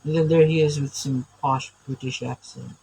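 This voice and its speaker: An artist drawing on camera chats casually, rambling, stammering and laughing often. His mid-range voice is steady and dark with vocal fry, at a normal speed. The low-quality recording has slight background noise.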